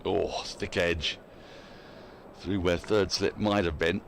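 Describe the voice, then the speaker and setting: A man's voice: low-pitched, fairly even intonation, slow pace, vocal fry, slight background noise. A man giving live cricket commentary in a chatty way, laughing often and reading out listener emails between the play.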